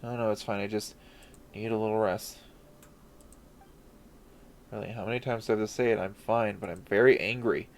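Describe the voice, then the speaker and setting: A man's voice: lowish voice, steady tone, normal speed, long pauses, close to an everyday voice. A man reading the lines of a caring, tough young female forest watcher aloud from a game, his voice raised a little. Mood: scolding.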